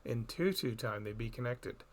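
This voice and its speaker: A man teaching a recorded music theory lesson, explaining slowly and chanting beat patterns aloud. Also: mid-range voice, expressive.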